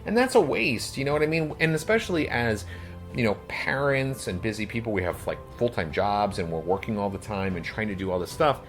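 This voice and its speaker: A man's voice: on the low side, lively intonation, a little fast, faint music behind. A man co-hosting a casual podcast who explains at length, with lots of "like" fillers. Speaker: podcast co-host and game master.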